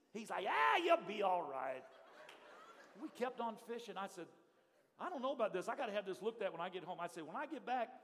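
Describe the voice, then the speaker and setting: Pastor guy, high voice, tells stories then shouts, long church echo. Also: slight background noise. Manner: animated, swings from hushed telling to shouting. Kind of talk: storytelling sermon. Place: church sanctuary. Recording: live church hall reverb.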